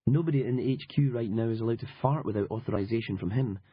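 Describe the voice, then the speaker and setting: A man with a husky voice voicing a sharp, sardonic Scottish woman journalist with a blunt, profane manner, in an audiobook. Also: medium pitch, quick pace, no echo, lightly acted. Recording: dull lo-fi audiobook recording.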